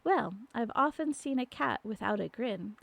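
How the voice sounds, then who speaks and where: Polite curious little girl, a bit timid, read by a woman, higher voice with some fry, storybook reading. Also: lively intonation, normal speed, no room sound. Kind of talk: storybook reading on a live stream.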